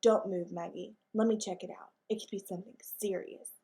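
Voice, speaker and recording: A woman's voice: mid-range voice, fairly even intonation, a little fast, warm tone, close to an everyday voice. A woman doing a boastful bumbling ranch dog.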